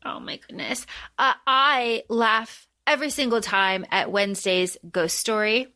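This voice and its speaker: A young woman co-hosts a podcast in a casual, enthusiastic way, acting out lines as she recalls them. Her voice sits high and sounds bright and forward. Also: unhurried. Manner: enthusiastic, quotes lines playfully. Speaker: podcast co-host. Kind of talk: casual chat.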